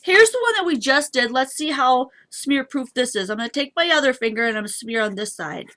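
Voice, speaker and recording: A woman's voice: high-pitched, animated, a little fast, bright, forceful tone. A woman hosting a live papercraft stream, chatty and bubbly as she demonstrates and talks to her viewers. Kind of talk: casual craft demonstration.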